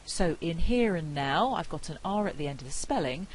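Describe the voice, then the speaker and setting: A British woman with a non-rhotic accent giving a university phonetics lecture, saying example phrases slowly and clearly. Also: low voice, expressive, low-quality recording. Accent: non-rhotic British English. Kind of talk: academic lecture. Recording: faint hiss.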